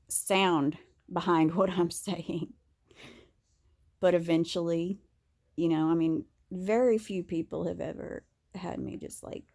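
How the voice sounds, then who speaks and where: Gravelly, dark-voiced woman vlogging. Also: lowish voice. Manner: candid and rambling, with many fillers and restarts. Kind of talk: casual monologue to camera.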